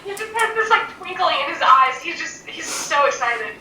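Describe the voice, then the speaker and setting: A woman acting as game master, narrating a tabletop game in a lively, descriptive way. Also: very high-pitched, normal speed. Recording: roomy, distant mic, faint noise.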